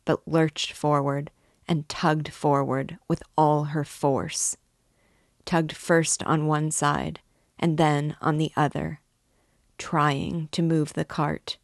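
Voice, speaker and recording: A woman reading a novel aloud in a slow, deliberate way as a guide to the book. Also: low voice, gravelly, no room sound, clean studio sound. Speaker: reader guiding a novel.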